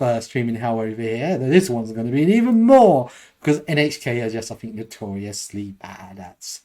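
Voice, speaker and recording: A man's voice: mid-range voice, sing-song, moderate pace, hardly any pauses, warm tone. Rambling self-deprecating British man. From United Kingdom. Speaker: podcast co-host. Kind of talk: casual chat.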